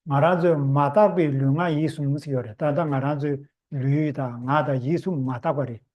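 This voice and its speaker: A man giving a Buddhist teaching in short, repeated phrases with pauses. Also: a little high, steady tone, dull audio.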